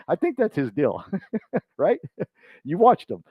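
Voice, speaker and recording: A man speaking to a live group at a business meeting, joking and acting out quick voices as he goes. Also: a little high, wildly swooping pitch, breathy edge, no room sound, lo-fi sound. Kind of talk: motivational talk to a live group.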